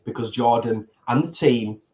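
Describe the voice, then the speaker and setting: A middle-aged man co-hosting a casual mukbang chat, earnest and deliberate, repeating points for emphasis. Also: mid-range voice, dark tone. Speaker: co-host. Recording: roomy, slightly dull home recording.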